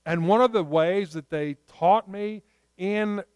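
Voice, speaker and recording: A man preaching a sermon, telling stories in an earnest way and slowing down to stress key points. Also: high-pitched, smooth, no echo. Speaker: pastor.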